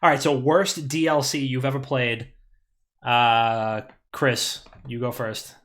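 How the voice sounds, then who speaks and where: A man's voice: mid-range voice, little pitch movement, slow, fairly bright tone. A man hosting a casual podcast, joking around in mock-formal phrasing. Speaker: podcast host.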